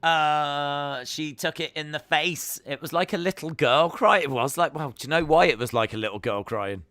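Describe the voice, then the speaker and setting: Bright, crisp-voiced streamer chatting. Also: male voice, on the high side, moderate pace, dry recording. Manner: chatty and joking, with many uhs. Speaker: live-stream reaction host. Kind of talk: live reaction commentary.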